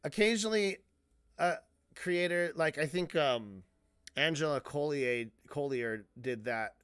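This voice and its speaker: A man's voice: on the high side, unhurried, fairly bright tone, clear, resonant tone, dry recording, clean studio sound. A man giving casual reaction commentary as a streamer, rambling, cutting himself off mid-sentence and swearing freely.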